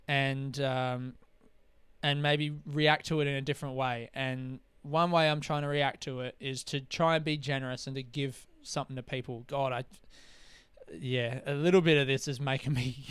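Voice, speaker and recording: A man's voice: mid-range voice, steady tone, moderate pace, fairly bright tone, clear, resonant tone, no room sound. A young man, a comedian hosting his own podcast, talking in a rambling, candid way with lots of swearing. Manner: rambling, candid, swears freely, mimics voices for comic effect. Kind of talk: casual solo podcast monologue.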